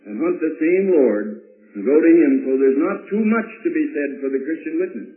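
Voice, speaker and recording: Pastor guy preaching, kinda high voice, blunt and punchy, echoey tinny old tape. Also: expressive, normal speed. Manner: emphatic, blunt, with rhetorical questions and dry asides. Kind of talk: sermon.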